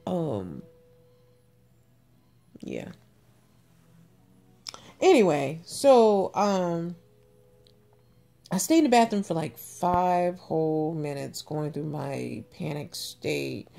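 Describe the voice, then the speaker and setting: Animated woman telling a story to camera. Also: fairly low pitch, slow, vocal fry, long pauses. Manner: animated, talks to viewers as "y'all", swears freely. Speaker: vlogger. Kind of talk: casual storytelling monologue.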